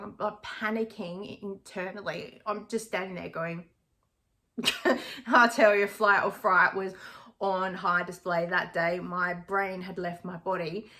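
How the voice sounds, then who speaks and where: Animated Australian woman telling stories. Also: mid-range voice, unhurried. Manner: animated, confiding, laughs often. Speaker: YouTuber. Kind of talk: casual storytelling vlog.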